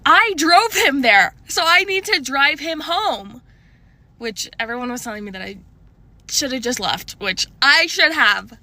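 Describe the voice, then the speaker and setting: A woman in her twenties telling a casual storytime, chatty and animated, full of likes and restarts. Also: a little slow, no room sound. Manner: animated, shifting pitch often.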